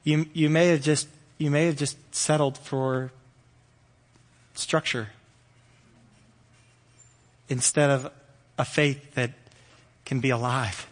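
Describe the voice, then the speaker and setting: A man preaching a sermon with energy, rising loud and high when animated. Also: takes it slowly, pauses often, in a large hall. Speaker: pastor.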